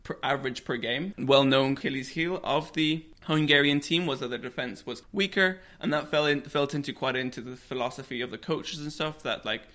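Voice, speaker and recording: A man's voice: medium pitch, a little fast, few pauses, fairly bright tone. Man telling football stories. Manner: storytelling, laughs often. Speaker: podcast co-host. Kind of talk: casual football history chat.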